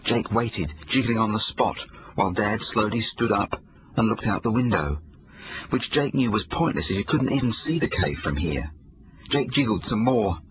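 Man, low voice, lively kids' audiobook narration, slightly dull audio. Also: moderate pace, slight background noise. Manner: expressive storyteller. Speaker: author reading his own book.

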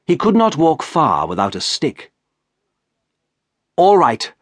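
A man narrating an audiobook in the first person with a slow, careful delivery. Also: a little high, huge pitch swings, a bit bright, no echo, clean studio sound. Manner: slow, carefully paced reading.

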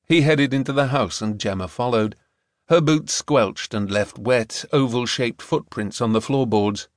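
An audiobook narrator with a lowish voice reads a novel in a measured, expressive way. The sound is dry and studio-clean.

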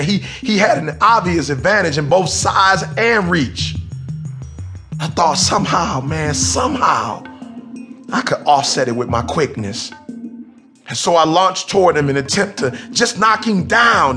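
A man narrating his memoir as an audiobook in an emphatic, animated, conversational way, with restarts. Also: high-pitched, normal speed, soft background music. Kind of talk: audiobook storytelling.

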